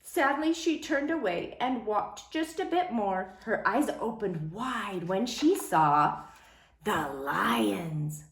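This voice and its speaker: Expressive woman reading a children's story. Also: fairly high pitch, takes it slowly. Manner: expressive and sing-song. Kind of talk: children's picture-book read-aloud. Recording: roomy echo.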